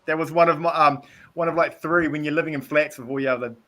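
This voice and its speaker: A New Zealand man with a Kiwi accent joins a video-call live stream as a guest for casual chat, rambling through stories and acting out quotes. His voice is on the high side and fairly bright, with a steady tone and quick pace.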